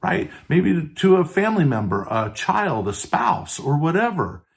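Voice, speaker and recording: Speaking a little slowly in a slightly high, creaky voice that swings widely in pitch, this man hosts a podcast on leadership. He's earnest and motivational, quizzes his listeners, leans on tone for emphasis, and keeps dropping "right?" and "and so forth."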